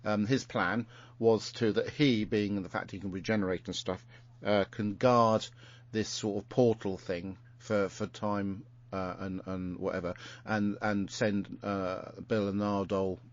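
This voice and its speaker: A lower-voiced man chats loosely through a story, stopping and restarting with plenty of ums. His voice comes through a dull, muffled lo-fi recording. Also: little pitch movement, normal speed. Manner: rambling, many fillers and restarts. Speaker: podcast host. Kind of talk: casual chat recapping an episode.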